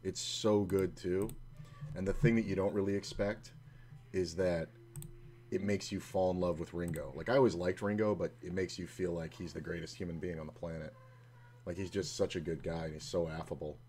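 A man's voice: low voice, normal speed, a little hiss or hum. A man streaming his online poker session, chatting casually and swearing now and then, at home at his computer. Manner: relaxed, chatty, sometimes swearing. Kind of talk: casual running commentary while playing.

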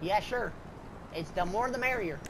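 A woman gamer talking loud, goofy and profane in online party chat, drawling "y'all" and "feller". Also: medium pitch, animated, normal speed, background noise. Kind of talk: rowdy party chat while gaming.

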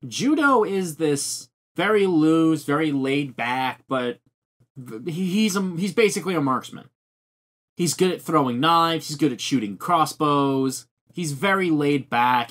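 Podcast host, man, mid pitch, quick animated storyteller. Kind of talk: casual chat.

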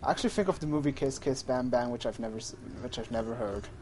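A man's voice: mid-range voice, fast talker, a little mellow. Give me a male game streamer in casual chat, self-correcting and laughing easily, with faint background noise. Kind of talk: casual gaming livestream chat.

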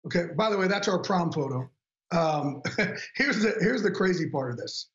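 A man's voice: high-pitched, lively intonation, normal speed, fairly bright tone, echoey room, highs cut off. A man talking as a talk-show guest, telling his story earnestly and openly. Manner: earnest, open storytelling with quoted dialogue. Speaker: guest author. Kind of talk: candid talk-show conversation.

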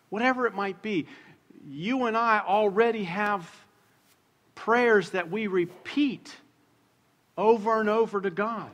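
A middle-aged man preaches from the pulpit in a relaxed, conversational way. His voice is bright and sits a little high for a man, and it rings out with a long echo through the church hall. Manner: conversational, jokes with the congregation, slows down to stress words. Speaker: pastor. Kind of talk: sermon. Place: church sanctuary.

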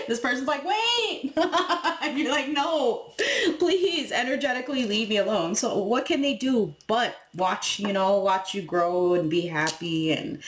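Woman, tarot reader, casual chat to viewers, frank and profane, slightly low voice, roomy echo, faint hiss. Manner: frank, swears freely, laughs while acting out voices.

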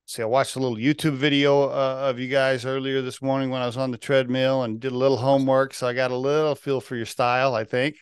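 A man's voice: medium pitch, little pitch movement, fast talker, hardly any pauses, clear, resonant tone, no room sound, studio quality. A man hosting a podcast, talking loosely and easygoing with lots of "you know" and "uh". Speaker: podcast host. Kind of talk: casual interview conversation.

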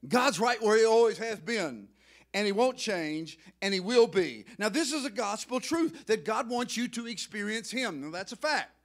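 A male pastor preaching a sermon in a church, emotional and excitable, rising to loud outbursts. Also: sits high, normal speed. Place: church sanctuary.

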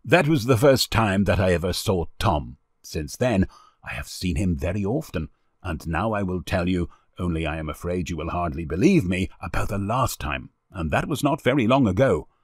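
A man reads an old-fashioned children's story in a low voice. His intonation swings widely and he tells it with a lot of expression. The sound is dry and close. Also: expressive, normal speed, slightly rough, dry recording. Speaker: narrator. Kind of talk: storybook reading.

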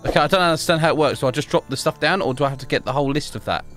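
A man giving chatty, excitable commentary while playing a video game, often exclaiming to himself. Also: a little high, rapid-fire, soft background music. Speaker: gaming YouTuber. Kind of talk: casual gameplay commentary.

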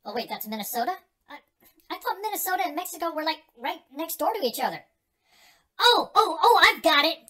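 A man's voice: very high voice, sing-song, brisk, sharp tone, full character voice. A man playing a stoned party guest who mangles fake accents in a comedy sketch. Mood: silly.

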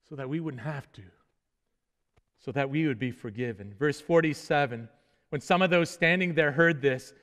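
A man's voice: sits high, in a large hall. A male pastor preaching earnestly, stumbling over repeated words and letting his phrases sink to solemn endings. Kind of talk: sermon.

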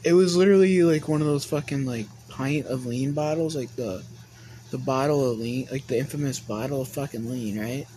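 A man's voice: mid-range voice, normal speed, dark tone, slight background noise, poor audio. A young man tells a casual storytime vlog, rambling and swearing with lots of filler words. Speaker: vlogger.

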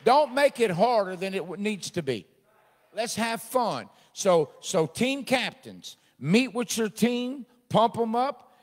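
A man preaching a midweek sermon, folksy and joking, swelling into loud exhortation. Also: high-pitched, sing-song, slow, long reverb tail. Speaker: pastor. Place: church sanctuary.

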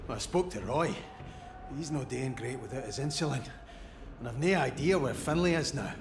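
An actor voicing a weary, swearing Scottish rig worker in a video game, with grim humor. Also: male voice, medium pitch, lively intonation, normal speed, background noise, lightly acted.

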